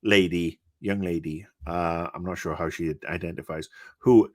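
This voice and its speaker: A British man in his fifties co-hosting a podcast, chatting casually with blunt, profane, animated ranting. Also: deep voice, normal speed, no room sound, studio quality. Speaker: podcast co-host. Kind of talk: casual chat.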